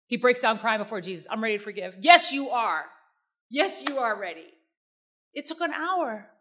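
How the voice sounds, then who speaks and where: Female preacher, high bright voice, emphatic sermon delivery with call-and-response.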